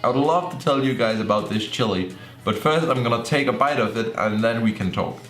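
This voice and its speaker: A young man giving casual reaction commentary as a YouTuber, joking and sarcastic with excitable outbursts. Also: medium pitch, a little fast. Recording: echoey room with faint music.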